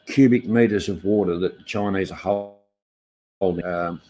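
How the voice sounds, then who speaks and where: Halting man hosting a livestream. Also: low voice, warm tone. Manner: halting, many fillers and restarts, greets viewers by name. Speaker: livestream host. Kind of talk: casual live-stream chat.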